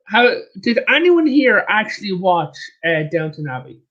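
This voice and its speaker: A man with an Irish accent, a guest on a casual history show, telling history stories in an animated, rambling way with many restarts. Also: sits high, moderate pace, lo-fi sound. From Ireland.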